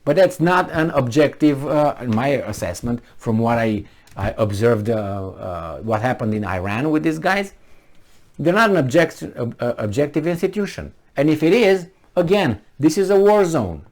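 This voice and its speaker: Male vlog host, solo commentary, animated pitch, pushy rhetorical questions, restarts often. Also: moderate pace. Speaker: channel host.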